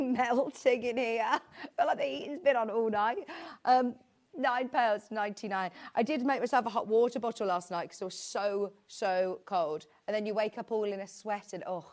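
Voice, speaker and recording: A British woman presenting a live shopping show, chatting in a rambling, friendly way with asides. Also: mid-range voice. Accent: British English. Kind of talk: live sales chat.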